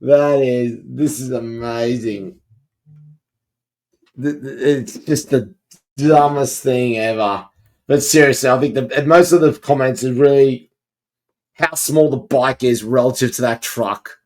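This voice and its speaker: Chill slow-talking guy on a comedy podcast, mid pitch, reads out comments. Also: fairly even intonation, darkish tone. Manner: laid-back, laughs at stories, says mate. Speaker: podcast co-host. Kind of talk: casual comedic chat.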